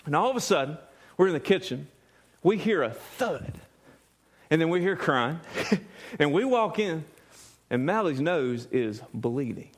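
A pastor delivers a sermon in a high voice for a man. He is animated, often repeats and restarts his words, and laughs as he talks. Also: unhurried, long pauses.

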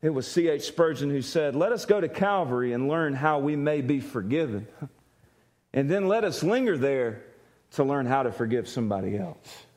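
A man's voice: medium pitch, lively intonation, normal speed, darkish tone. A man preaching a sermon, telling a story and acting out the voices in it. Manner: storytelling, acts out voices with laughter. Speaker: pastor.

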